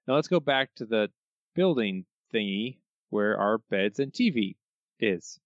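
A man co-hosting a podcast, reading out listener answers in a casual way with quick bursts of put-on voices. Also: on the low side, animated, no room sound, dull audio. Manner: reads quotes with bursts of mock voices, chuckling. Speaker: podcast co-host.

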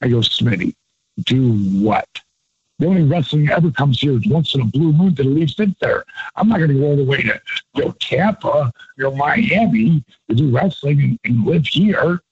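A man's voice: fairly high pitch, moderate pace, breathy edge, no echo. A man, a guest on an interview, telling a loose, profane story and acting out each quoted line with voice shifts. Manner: animated, acts out quotes with voice shifts. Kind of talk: casual storytelling. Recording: dull lo-fi, dry.

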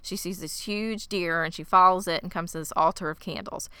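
A woman co-hosting a podcast, retelling a TV episode in a casual, animated way. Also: on the low side, clear, resonant tone, dry recording. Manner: animated, quick retelling with quoted lines. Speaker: podcast co-host recapping a TV episode. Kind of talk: casual recap chat.

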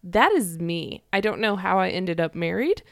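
A woman's voice: lowish voice, expressive, normal speed, gravelly, fairly bright tone, no room sound, clean studio sound. A woman co-hosting a chatty podcast, playful and giggly. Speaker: podcast co-host. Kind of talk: casual chat.

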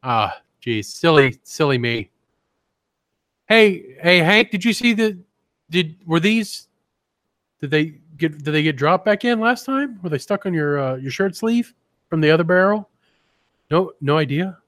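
A man's voice: a little high, expressive, a little slow, pauses often, fairly bright tone, no echo, clean studio sound, voice pushed up. A man doing fussy squabbling hell workers. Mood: fussing. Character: bumbling male workers counting seeds in hell.

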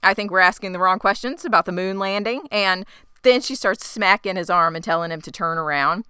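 A woman co-hosting a podcast, casually retelling a TV episode with laughs and lively asides. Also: mid-range voice, a little fast, clear, resonant tone, no echo, studio quality. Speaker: podcast co-host recapping a TV show. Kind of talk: casual chat recap.

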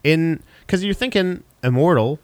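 A man's voice: fairly high pitch, normal speed, no echo. A man co-hosting a podcast, rambling through casual banter and swearing freely. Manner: rambling, animated, swears and laughs often. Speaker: podcast co-host.

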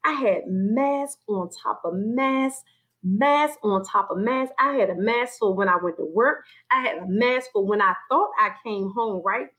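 Woman telling her faith story in an interview, very expressive, acts out what she thought and said, mid-pitched voice. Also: measured pace, low-quality recording. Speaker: guest sharing her story. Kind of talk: personal faith testimony in conversation.

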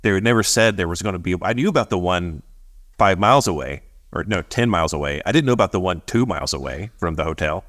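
Low-voiced man telling a lively travel story. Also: fast talker. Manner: animated, acts out quoted voices, laughs often. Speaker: podcast co-host. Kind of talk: casual storytelling chat.

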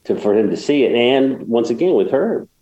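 A man's voice: mid-range voice, lively intonation, moderate pace, dark tone, roomy sound, highs cut off. A man guest telling a story in a casual interview, rambling with many restarts and getting emotional. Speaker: guest, golf course builder.

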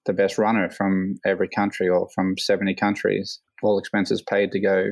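An Australian man, a hang glider pilot, telling a story as a guest in a casual interview, full of fillers and lively quoted voices. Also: sits low, normal speed, dry recording, poor audio. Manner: rambling, many fillers, animated quoting.

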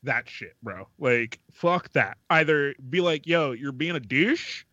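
A man co-hosting a casual podcast chat, blunt and swearing, dropping low and slow to make a point. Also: lively intonation, sharp tone, dull audio, a little hiss or hum. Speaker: podcast co-host.

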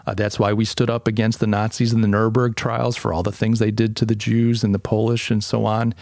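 A man's voice: lowish voice, level tone, a little fast, gravelly, a little mellow, no room sound, studio quality. A man hosting a podcast in an emphatic opinion monologue, firing off strings of rhetorical questions. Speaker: podcast host.

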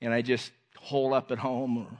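A man preaching a sermon to a congregation, earnest, repeating his phrases and letting lines fall softly at the end. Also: medium pitch, little pitch movement, brisk.

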